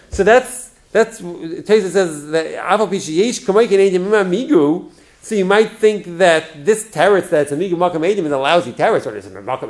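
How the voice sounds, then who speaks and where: A man teaching a Talmud lesson in a slightly raised voice. He lays out the argument step by step, asks his listeners rhetorical questions, and often stops and restarts his words. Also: sits high. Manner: explains step by step with rhetorical questions, repeats terms.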